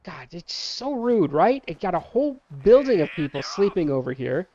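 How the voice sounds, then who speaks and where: A gameplay streamer gives casual let's-play commentary, playfully scolding the on-screen characters like a parent sending kids to bed. His high voice swings widely in pitch at a normal speed, with a dark tone. The highs in the recording are cut off.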